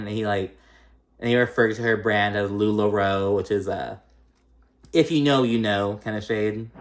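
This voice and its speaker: Male recapper, casual and shady, swears freely, loose and filler-heavy delivery. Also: on the low side. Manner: chatty, profane, shady, full of fillers. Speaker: reality TV recapper.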